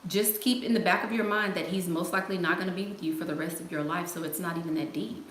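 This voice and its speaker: A woman's voice: on the low side, fast talker, a bit bright. Woman, livestream host, sassy, laughing, echoey room, faint background noise. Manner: sassy, laughing, playful slang. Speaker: host answering live chat. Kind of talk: casual livestream chat.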